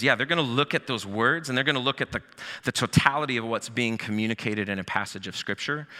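Bright-voiced man preaching in a big hall. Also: medium pitch. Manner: casual, joking, lively teaching with acted asides. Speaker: pastor. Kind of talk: sermon teaching to a live and online congregation.

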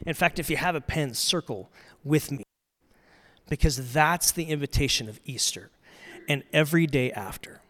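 A middle-aged man preaching a sermon in a slightly raised voice. He tells the story earnestly, pushing some points out loud and letting others fall to near a murmur. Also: a little high, normal speed. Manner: earnest storytelling, rising to loud emphasis then dropping soft. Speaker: pastor.

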